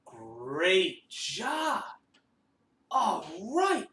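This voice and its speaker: A male music teacher leading a children's lesson, giving lively sing-song directions. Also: high voice, normal speed. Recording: roomy echo, distant mic, faint noise.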